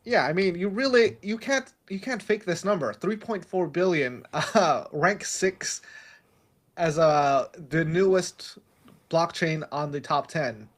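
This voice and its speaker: A man's voice: fairly high pitch, lively intonation, slow. A man hosting a casual chat over a video call, joking and laughing often as he talks. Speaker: podcast host.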